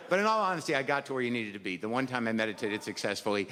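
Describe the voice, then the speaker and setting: A middle-aged man doing a rambling, self-deprecating stand-up set before a live audience. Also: medium pitch. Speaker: stand-up comedian. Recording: live hall recording with reverb and crowd noise.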